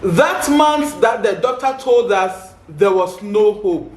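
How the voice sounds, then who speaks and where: A woman's voice: mid-range voice, expressive, takes it slowly, hardly any pauses, slight background noise. A woman with a Ghanaian English accent gives an emotional faith testimony, speaking fervently and repeating rhetorical questions. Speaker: vlogger sharing testimony. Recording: echoey room.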